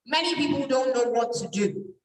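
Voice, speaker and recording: A woman's voice: high-pitched, animated, normal speed, slight background noise. A middle-aged Nigerian woman giving a motivational talk to a church youth camp, putting questions to the audience and answering them herself. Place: large church hall. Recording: echoey hall, mic from far off.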